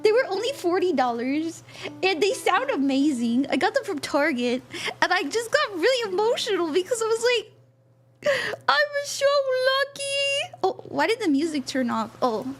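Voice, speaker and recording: Bubbly high-voiced young woman streamer. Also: big pitch swings, moderate pace. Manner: bubbly and giggly, chatty with viewers. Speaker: tarot reader and spell-casting streamer. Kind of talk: casual live-stream chat. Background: faint background music.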